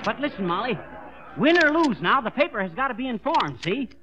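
A man's voice: very high-pitched, very animated, fairly quick, a crowd in the background. A man playing a brash, blustering middle-aged husband who laughs at his own jokes, in 1940s radio comedy acting, on a dull, faintly hissing old recording. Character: boastful fast-talking middle-aged husband. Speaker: comic lead.

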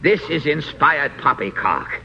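A pompous, wordy studio chief. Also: male voice, a little high, sing-song, unhurried, vocal fry, pushed and bright, heavily acted. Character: pompous middle-aged Hollywood studio chief. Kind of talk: 1940s radio comedy acting. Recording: muffled old radio recording with faint hiss.

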